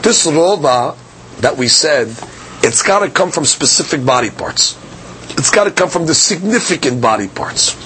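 Man, Talmud teacher, high voice, explains line by line, faint background noise. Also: lively intonation, moderate pace, bright, forceful tone. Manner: explains Aramaic text line by line in English, asks "okay? right?". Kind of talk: daily Talmud class.

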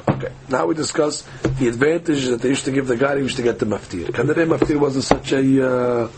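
A man's voice: mid-range voice, a little fast, noisy background. Man teaching a daily Talmud class. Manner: reads text aloud and translates phrase by phrase, hesitant fillers.

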